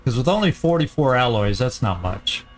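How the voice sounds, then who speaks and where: A man hosting a let's play, giving casual gameplay commentary as he thinks aloud, often halting and restarting. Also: mid-range voice, sing-song, soft background music.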